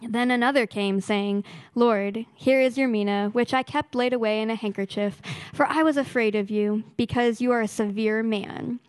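A woman reading a Bible passage aloud to a church congregation in a steady, deliberate way. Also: a little high, no echo. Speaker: scripture reader.

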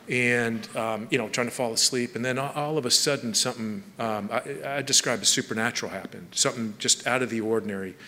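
A middle-aged man from Southern California giving a personal testimony to an audience, halting, with many restarts and repeated words. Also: medium pitch, bright, forceful tone, a little hiss or hum. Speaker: speaker sharing testimony. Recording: long hall reverb, faint ambience.

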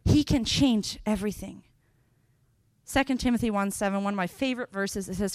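Woman preacher, sermon, expressive, slows on key phrases, dry close sound. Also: mid-range voice, no echo. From Sweden. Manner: expressive, acts out scenes with sudden loud bursts.

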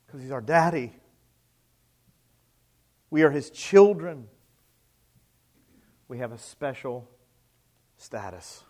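A middle-aged male pastor preaching a sermon, emphatic, with rhetorical questions and swings between loud and soft. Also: medium pitch, expressive, takes it slowly, long pauses.

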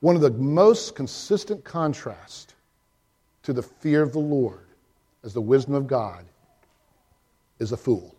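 A male pastor giving a sermon, swinging from loud, high swells to quiet, hushed drops, and reading a story aloud with voices. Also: expressive, measured pace, long pauses, breathy edge.

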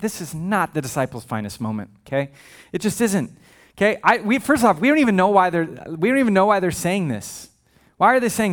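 A man's voice: a little high, very animated, fast talker. A male pastor preaching a sermon in a conversational, humorous way, with frequent asides.

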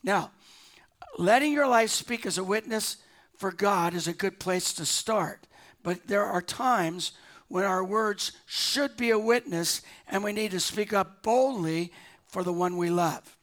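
A pastor telling a personal story during a conversational sermon, with easy restarts. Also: male voice, sits high, a little slow, a bit bright.

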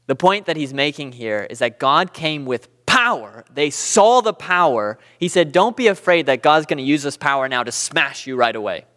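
A man from Southern California teaching a church Bible class, conversational and animated, with storytelling asides. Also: on the high side, moderate pace, in a large hall.

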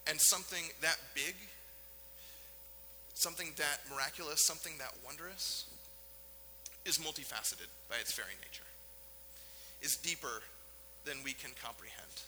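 Guy preaching a sermon, high bright voice, earnest, big reverb in the church. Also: slight background noise. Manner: earnest, emphatic preaching with dramatic pauses. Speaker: pastor. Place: church sanctuary.

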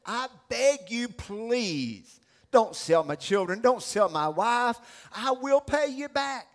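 A preacher voicing a begging servant. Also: male voice, very high-pitched, animated, takes it slowly, exaggerated voice. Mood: pleading. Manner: pleading. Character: desperate male servant begging for mercy.

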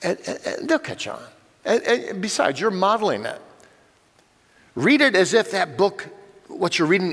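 A man's voice: high-pitched, big pitch swings, moderate pace, pauses often, fairly bright tone. An older man giving an earnest church teaching talk, speaking directly to parents. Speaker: Bible teacher. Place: church hall. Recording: long church-hall reverb.

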